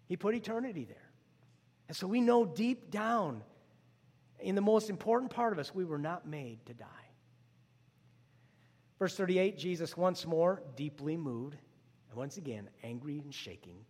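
Man preaching, higher voice, loud emphatic bursts and hushed drops, long hall reverb. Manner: dramatic swings between loud emphatic lines and hushed drops. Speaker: pastor. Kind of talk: sermon.

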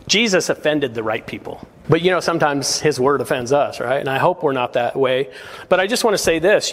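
A man preaching from a church pulpit, earnest and exhorting, his voice a touch high for a man. He breaks into short chuckles between his points. A long reverb hangs on every word in the sanctuary. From United States. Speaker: pastor. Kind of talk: sermon.

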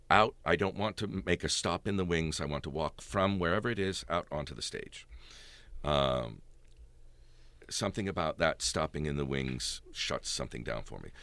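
Middle-aged man, very deep and bright, animated raconteur. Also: moderate pace, no room sound. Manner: animated storyteller, laughing often. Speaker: stage actor telling anecdotes. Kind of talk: casual storytelling chat.

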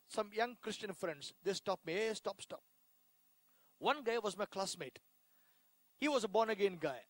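A man with an Indian accent giving an emotional sermon testimony, repeating phrases and swinging between hushed and loud delivery. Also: high voice, no echo, rough recording. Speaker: preacher giving his testimony.

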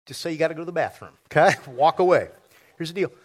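A man preaching a sermon to his congregation, joking and quizzing the audience as he goes. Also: fairly high pitch. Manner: joking, audience-engaging, fast and lively. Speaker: pastor. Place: church sanctuary before a congregation.

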